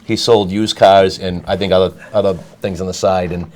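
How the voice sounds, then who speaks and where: A man's voice: deep voice, flat delivery, moderate pace, a little mellow, slight background noise. A middle-aged man telling a rambling story in casual chat, full of restarts and asides. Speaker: guest storyteller.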